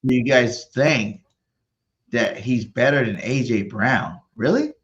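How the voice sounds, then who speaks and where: A man of ordinary pitch brags about his football team in a casual sports debate, repeating his point to hammer it home. His voice comes through slightly dull and muffled, as if over a modest mic. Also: takes it slowly, a bit bright. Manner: boastful, insistent fan banter. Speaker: sports podcast co-host.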